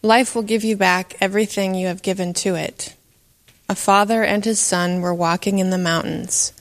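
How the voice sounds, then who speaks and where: A woman reading an inspirational story aloud in a measured, gentle way. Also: medium pitch, fairly even intonation. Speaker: narrator. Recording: long reverb.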